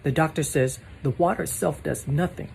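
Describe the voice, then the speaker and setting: A voice reading out a joke in an even, measured way. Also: mid-range voice, vocal fry, a little hiss or hum, rough recording. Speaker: joke narrator. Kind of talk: scripted narration.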